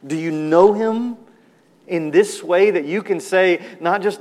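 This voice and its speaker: A man preaching a sermon, earnest and emphatic, slowing down and dropping his voice on key words. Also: sits high, long reverb tail. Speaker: pastor.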